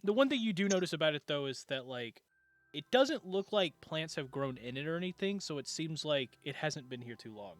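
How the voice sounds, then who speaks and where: A man's voice: a little high, sing-song, fairly quick. A man narrating as game master in a tabletop game, hesitant and full of fillers. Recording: dull lo-fi sound with music behind.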